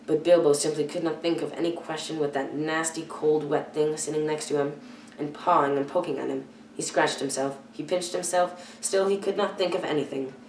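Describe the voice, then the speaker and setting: A teenage girl reading a children's novel aloud, careful and halting, often stumbling and correcting herself. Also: low-pitched, steady tone, darkish tone, slight background noise. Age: teens. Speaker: youth reader. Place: church hall. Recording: echoey room, far from the mic.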